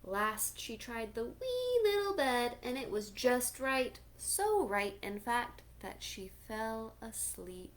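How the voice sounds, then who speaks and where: Slow animated woman reading to kids. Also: on the high side, slight background noise. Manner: animated, gasping, asks the audience questions. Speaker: children's librarian. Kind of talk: storytime read-aloud for children.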